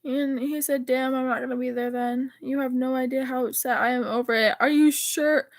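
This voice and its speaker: A woman's voice: high-pitched, flat delivery, fairly quick, dry recording. A teenage girl chatting casually, rambling and correcting herself as she reads old text messages aloud. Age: teens. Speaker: vlogger. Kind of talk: casual chat reading texts aloud.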